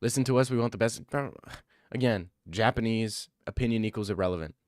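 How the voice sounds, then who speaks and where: A man's voice: fairly low pitch, fairly quick, darkish tone, no room sound, studio quality. Joking young guy answering chat. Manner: defensive, joking replies to chat, says bro a lot. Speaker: livestreamer reading chat. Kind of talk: casual livestream chat.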